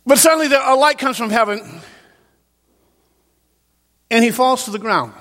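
A male pastor preaches in a church with a notably high voice. He swings from loud, shouted emphasis down to soft, hushed lines. The sound carries a long reverb from the sanctuary. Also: lively intonation, moderate pace. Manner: preaching with sudden loud peaks and soft drops. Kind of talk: sermon.

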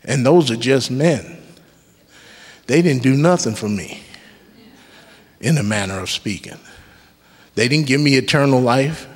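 A man's voice: mid-range voice, expressive, unhurried, long pauses. A man preaching a sermon in a church, emphatic with call-and-response and casual joking asides. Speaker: worship leader preaching. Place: church sanctuary. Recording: long reverb of a church hall.

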